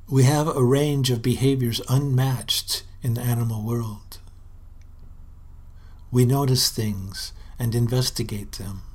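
A man giving a hushed, contemplative literary reading, with faint music behind him. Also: mid-range voice. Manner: slow, hushed, contemplative delivery. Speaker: essay reader.

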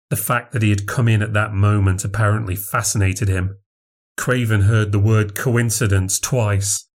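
A man narrating a horror story in a measured, unhurried reading. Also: lowish voice.

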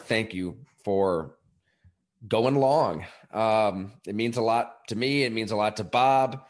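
A man hosting a sports podcast, talking eagerly and a little out of breath, with lots of fillers. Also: fairly low pitch. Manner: eager, rambling promo with fillers. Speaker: podcast host. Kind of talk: casual podcast talk.

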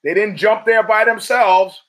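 A man's voice: sits high, steady tone, a little slow, fairly bright tone, poor audio. A man hosting his own podcast, talking in a casual, profane and rambling monologue with emphatic bursts. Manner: profane, rambling storytelling with frequent restarts. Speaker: podcast host.

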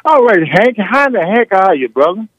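High-voiced male caller on a tinny phone line. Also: very animated, normal speed, no echo. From California. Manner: argumentative, repeats himself. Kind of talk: phone-in conversation.

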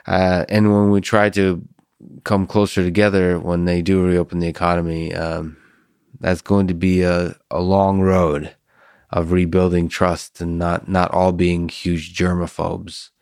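A man's voice: sits low, little pitch movement, unhurried, darkish tone, smooth, dry recording, studio quality. A man hosting an interview, musing thoughtfully and asking questions. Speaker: podcast host. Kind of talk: casual interview conversation.

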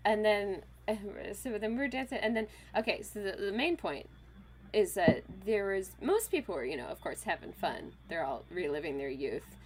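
A woman in her thirties, a podcast guest, telling a weekend story in a casual, animated way, full of fillers and quoted voices. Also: mid-range voice, moderate pace, a little hiss or hum. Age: 30s.

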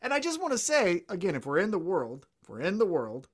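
A man's voice: sits high, huge pitch swings, brisk, husky. A man co-hosting a wrestling podcast, chatting casually and swearing freely, sometimes losing track of names. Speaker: podcast co-host.

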